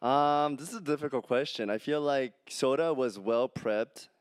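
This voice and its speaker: A man speaking as a guest on a live convention panel, lively and laughing easily. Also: medium pitch, normal speed, clean tone, no echo, clean studio sound. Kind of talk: casual panel chat. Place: convention stage.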